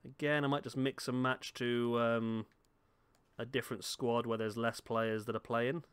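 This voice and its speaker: Here the same kind of home commentary comes at a normal speed, his mid-range voice steady, clear and resonant. The gaming YouTuber keeps it chatty and self-mocking as he watches a football game and talks to the players on screen.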